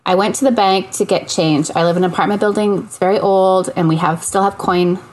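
A woman from Canada telling a funny story in casual chat, animated, acting out the people she quotes and laughing often. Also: medium pitch, fairly quick. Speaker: podcast co-host.

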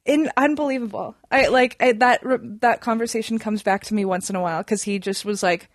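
A woman's voice: on the high side, a little fast, no echo, studio quality. A young woman telling a story in a casual chat, full of fillers and restarts. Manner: chatty, many fillers and restarts. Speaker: podcast guest.

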